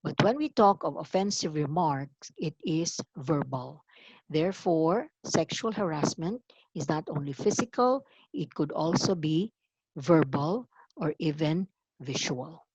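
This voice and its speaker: A woman giving a formal orientation lecture, deliberate and emphatic, stressing key words. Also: low-pitched, expressive, darkish tone, breathy edge, no room sound, dull audio. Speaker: university anti-harassment office coordinator.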